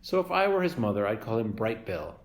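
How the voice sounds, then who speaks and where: A man's voice: lowish voice, very animated, a little fast, roomy sound. A man voicing a bossy old female goose who scolds and lectures in a squawking, know-it-all way. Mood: scolding.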